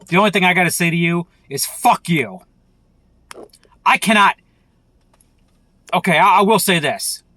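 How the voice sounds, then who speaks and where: A man's voice: sits high, fairly bright tone, no room sound. A man delivering an angry, profane political rant as a vlogger, heated and repetitive.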